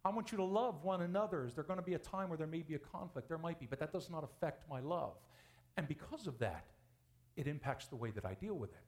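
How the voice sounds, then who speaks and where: A man's voice: animated, fast, darkish tone. Preaching man with swinging dynamics. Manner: preaching with wide swings in pitch and volume, rhetorical questions. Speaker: pastor. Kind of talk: sermon.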